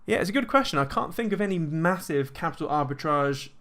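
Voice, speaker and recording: A man talking casually and at length in an energetic, self-assured way, full of fillers and restarts. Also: fairly high pitch, brisk. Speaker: host answering viewer questions. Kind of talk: casual monologue.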